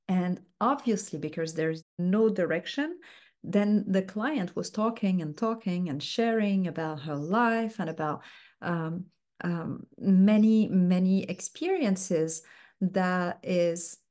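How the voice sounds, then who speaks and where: Slow, soft-spoken woman mentor. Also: fairly low pitch. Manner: slow, soft-spoken, uses many fillers. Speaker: coaching mentor. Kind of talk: teaching coaching technique.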